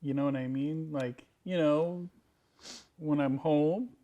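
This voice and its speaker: A man's voice: on the high side, fairly even intonation, slow pace, mellow, lo-fi sound. A man from the United States co-hosting a podcast, laid-back and laughing often in casual comedic chat. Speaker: podcast co-host.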